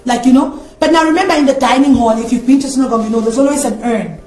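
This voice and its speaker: High-voiced woman, roomy echo. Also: quick pace. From South Africa. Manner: animated storyteller who acts out quoted speech. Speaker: interview guest. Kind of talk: personal testimony in an interview.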